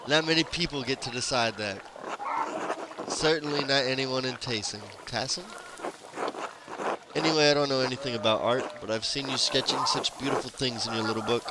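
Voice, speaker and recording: A motherly village woman speaks gently and encouragingly, read out by a man in close to his own voice. Her pitch stays in a middle range. Background noise hums steadily beneath her. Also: fairly quick, close to an everyday voice. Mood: kindly. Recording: noisy background under the voice.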